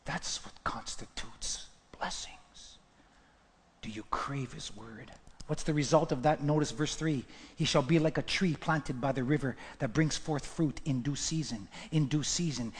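A male pastor preaching a sermon, emphatic, repeating his key phrases and swinging from hushed to loud. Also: a little high, moderate pace. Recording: long hall reverb.

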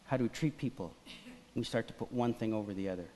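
A pastor preaching a sermon in an animated style, swinging between loud emphasis and quiet asides. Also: male voice, mid-range voice, quick pace, big-room sound. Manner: animated preaching, acts out voices of biblical figures.

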